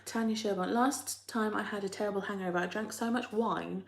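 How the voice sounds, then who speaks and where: A woman's voice: medium pitch, fairly even intonation, a little fast, vocal fry. A woman hosting a live chat, reading out viewer comments in a rambling, chatty way and laughing often. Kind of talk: casual chat. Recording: roomy echo.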